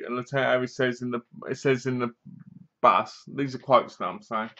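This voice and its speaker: A man's voice: medium pitch, fairly even intonation, moderate pace, pushed and bright, lo-fi sound. A man giving a casual spoken review of a film, rambling through the plot with dry, mocking remarks and acting out bits of scenes. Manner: rambling, acts out bits of scenes in funny voices.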